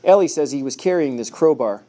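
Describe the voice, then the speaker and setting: A man voicing a calm police officer who gives short, clipped commands to his dog. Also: medium pitch, a little fast, natural voice. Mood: commanding. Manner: terse, commanding.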